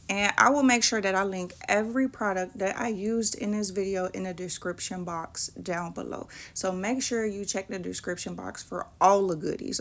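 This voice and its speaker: A woman, chatting playfully to viewers while doing her nails, pregnant and at ease. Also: medium pitch. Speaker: nail tutorial vlogger. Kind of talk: casual tutorial chat.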